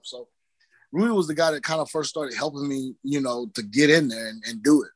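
Man, guest storyteller, animated, profane, slightly high voice, dry close mic. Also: fast, no room sound. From New Mexico. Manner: animated, swearing, acts out quoted voices. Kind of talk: casual storytelling interview.

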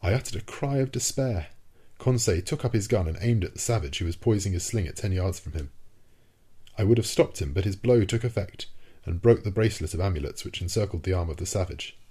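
A man reading a classic novel aloud as a formal, even first-person narration. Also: deep voice, a little fast, husky. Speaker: audiobook reader.

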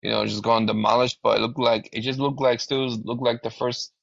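A man co-hosting a soccer podcast, giving a measured game recap with plenty of fillers and hedges. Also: mid-range voice, steady tone, creaky, a bit bright, no room sound. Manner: measured, hedging, filler-heavy. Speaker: podcast co-host, soccer reporter. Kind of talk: casual chat. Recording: dull lo-fi dry sound.

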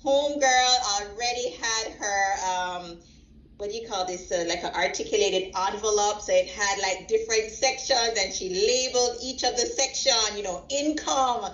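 A woman being interviewed as a proud parent, telling stories in a lively way and acting out the quoted lines. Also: medium pitch, moderate pace. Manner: animated storyteller acting out quotes. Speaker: guest parent. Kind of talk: casual interview. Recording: roomy, slightly dull sound.

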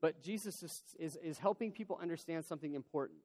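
Male pastor, sermon, lively conversational storytelling, slightly high voice, long echoing hall reverb. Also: quick pace. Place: large church hall.

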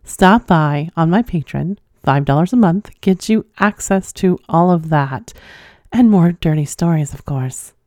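A woman's voice: lowish voice, a little slow, a little mellow, no room sound, studio quality. A woman hosting her own podcast from home, chatting casually and frankly, playful and laughing often. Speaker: podcast host reading listener confessions. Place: at home under blankets.

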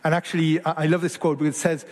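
A man in his forties from Argentina delivers a sermon with a fairly high voice. He talks in an earnest, conversational way, often restarting his phrases, and his voice rings with long reverb in a church hall. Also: level tone, rapid-fire. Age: 40s. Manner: conversational, earnest, self-correcting. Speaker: preacher.

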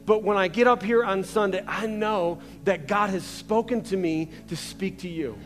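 A man's voice: sits high, moderate pace. A young male pastor preaching a casual, conversational sermon, full of restarts and asides, in a large church. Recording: reverberant church hall with faint music.

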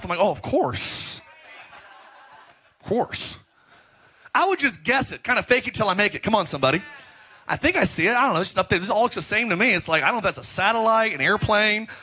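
A middle-aged man preaching a sermon as pastor, telling stories in an animated, joking way. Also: sits high, husky. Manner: animated, joking storytelling with laughs.

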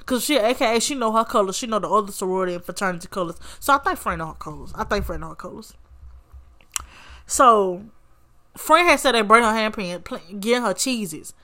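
A woman's voice: medium pitch, a little fast. A woman hosting her show and telling a story in casual, sassy commentary, cursing and calling her listener honey and baby. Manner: sassy, animated, swears freely, calls listener honey and baby. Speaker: podcast host.

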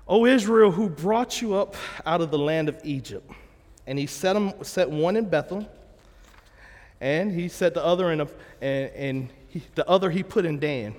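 A man's voice: a little high, moderate pace, darkish tone. Guy preaching a sermon, chatty retelling, fixes his slips, long reverb like a big sanctuary. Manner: retells scripture in a plain, conversational way, correcting himself often. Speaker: pastor.

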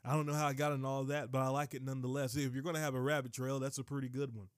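A man preaching on his podcast, animated, digressing and breaking into high excited exclamations. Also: rapid-fire, dry recording, clean studio sound. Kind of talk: sermon.

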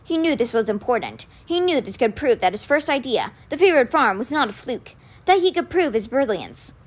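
A woman reading a children's novel aloud with expressive storytelling. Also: sits high, fairly quick. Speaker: reader.

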